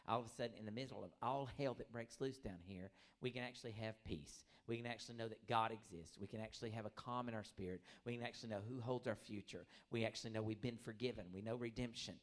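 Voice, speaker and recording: A man preaching a sermon to a congregation in a casual, joking way, dropping low for scripture and breaking into loud bursts. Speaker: pastor.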